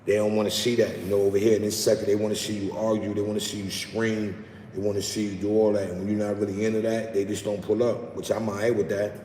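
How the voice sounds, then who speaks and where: A man's voice: lowish voice, level tone, fast, darkish tone. A man from New York with a New York accent, casually chatting on a livestream in loose street slang and reading out viewer comments. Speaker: livestream host. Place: outdoors in the city, rain starting. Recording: roomy echo with long reverb, faint background noise.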